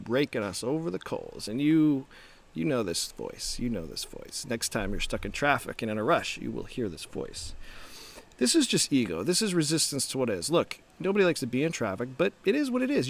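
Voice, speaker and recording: A man's voice: mid-range voice, big pitch swings, normal speed. A middle-aged man giving a casual motivational talk to camera, reflective, with restarts and rhetorical questions. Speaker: startup founder and coach.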